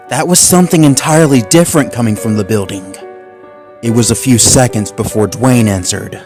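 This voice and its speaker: A man narrating a suspenseful animal story in a measured, scripted way. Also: lowish voice, a little mellow, soft background music.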